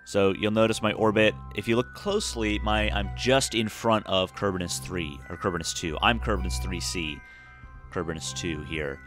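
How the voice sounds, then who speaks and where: A man's voice: low-pitched, steady tone, normal speed, fairly bright tone, soft background music. A tired man casually talking through a space game, rambling with lots of fillers and restarts. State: tired, yawning. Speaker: gameplay commentator. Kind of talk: casual let's-play commentary.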